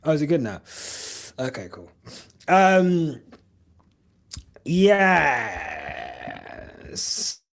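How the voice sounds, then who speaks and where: A man's voice: a little high, huge pitch swings, very slow, gravelly, pauses often. A young man chatting casually on a live stream, rambling with many fillers and casual swearing. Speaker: podcast host streaming live.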